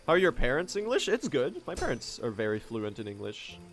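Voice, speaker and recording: A man's voice: mid-range voice, huge pitch swings, fairly quick, fairly bright tone, faint music behind. A man from Sweden with an American-sounding accent, chatting casually with his viewers while speedrunning a game and swearing now and then. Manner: chatty, swears, answers chat questions. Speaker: streamer.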